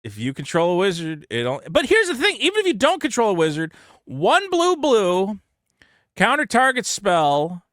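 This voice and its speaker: A man with a slightly high voice, recorded close and dry, chats casually as a podcast co-host. He is blunt and animated, swears freely and mocks imagined critics in mock-quoted rants. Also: moderate pace, dry recording. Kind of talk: casual card-game chat.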